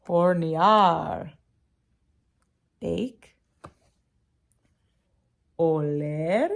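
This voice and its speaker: A woman's voice: low-pitched, gravelly. A woman teacher reading a picture book aloud to young children, asking them encouraging questions. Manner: slow, encouraging questions to kids.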